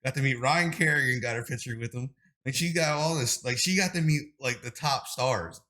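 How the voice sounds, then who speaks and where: Bright-voiced man telling rambling stories. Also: medium pitch, normal speed. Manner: rambling, animated storytelling with many fillers. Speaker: podcast guest, streamer. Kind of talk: casual interview chat.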